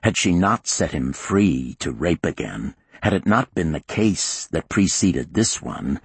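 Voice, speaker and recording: A man narrating a thriller audiobook in a measured, grave storytelling manner. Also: low voice, very animated, slightly rough, no echo.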